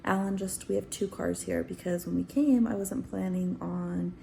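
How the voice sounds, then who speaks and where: Gravelly-voiced mom vlogging from a car. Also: female voice, fairly low pitch, fairly even intonation, normal speed, dark tone. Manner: chatty, laughs often. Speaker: vlogger mother. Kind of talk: casual vlog chat. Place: inside a moving car. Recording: car noise behind.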